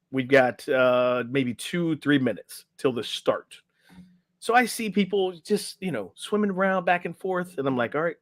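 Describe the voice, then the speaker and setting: A man's voice: on the high side, fairly bright tone, no echo. A middle-aged man, a podcast guest and life coach, telling a story casually and acting out the quotes, often tagging lines with "right?".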